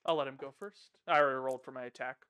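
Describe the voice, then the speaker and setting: A man's voice: medium pitch, steady tone, racing, bright, forceful tone, clear, resonant tone. A man playing in a tabletop role-playing game, casually narrating what his character does and swearing freely. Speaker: player.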